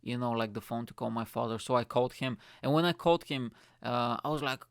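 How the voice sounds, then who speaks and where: A young man from Bulgaria tells a long, rambling misadventure, swearing freely and leaning on "mate" and "you know what I mean." His voice is smooth and resonant, at a middling pitch for a man. The sound is close and dry, with no room around it. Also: quick pace, no echo. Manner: profane, rambling, animated retelling with lots of 'mate'. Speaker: show host. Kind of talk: comedic storytelling monologue.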